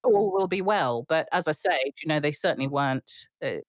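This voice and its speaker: A middle-aged woman airline pilot telling stories in an interview, animated, with frequent restarts and laughs. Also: low-pitched, brisk, dry recording, studio quality. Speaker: airline pilot, podcast guest. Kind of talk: storytelling interview.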